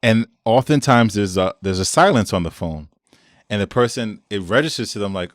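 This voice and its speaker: A man's voice: lowish voice, normal speed, dry recording, studio quality. A man as a podcast guest, telling stories in casual conversation, acting out quotes and laughing often. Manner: animated storyteller, acts out quotes, laughs often.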